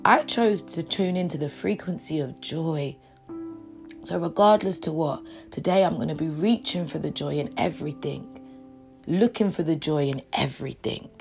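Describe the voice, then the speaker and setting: A woman gives an inspirational talk in a low, gravelly voice. She repeats key phrases and sometimes drops to a whisper. A faint guitar plays behind her. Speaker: motivational speaker. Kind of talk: inspirational talk with poem reading. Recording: soft guitar music behind.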